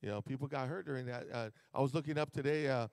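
A man's voice: medium pitch, fast talker, clear, resonant tone, no room sound. A man preaching a sermon in a loose, conversational way, acting out his own thoughts and stumbling over words now and then. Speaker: pastor. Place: church sanctuary.

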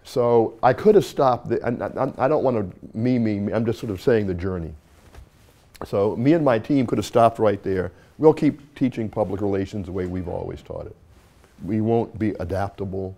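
A man's voice: fairly low pitch, normal speed, warm tone. A man, a university dean, giving an informal classroom talk, telling stories with asides and self-corrections.

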